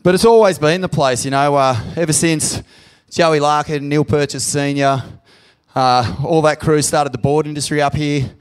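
Australian male live podcast host, fairly high voice, swears a lot, gets loud on the hype. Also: steady tone, normal speed, clear, resonant tone. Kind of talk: live podcast hosting on stage. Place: pub venue with live audience.

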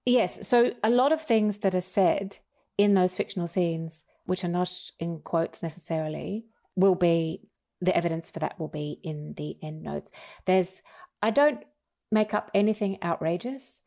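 A woman's voice: fairly low pitch, measured pace, creaky, mellow. A woman author telling stories as a guest in an interview, laughing now and then. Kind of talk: relaxed storytelling in conversation.

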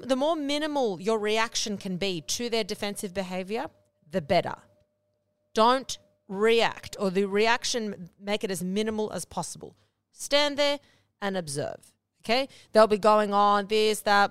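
A woman's voice: medium pitch, animated, moderate pace, smooth, dry recording. A woman hosting a podcast, giving relationship advice in a casual, blunt way, swearing often and checking in with "okay?". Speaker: podcast host.

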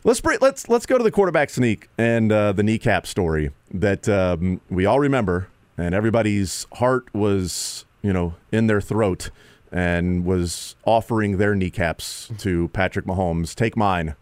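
A man hosting sports talk radio, rambling and animated, who sometimes mimics players in a raised voice. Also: on the low side, measured pace, no room sound.

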